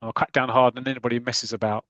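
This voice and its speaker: A man's voice: medium pitch, little pitch movement, very fast, pushed and bright, dry recording, lo-fi sound, close to an everyday voice. A man voices a strict team manager from a football comic. He lays down orders sternly in a plain mid voice with a close, dry sound. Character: Ben Galloway, stern older team manager.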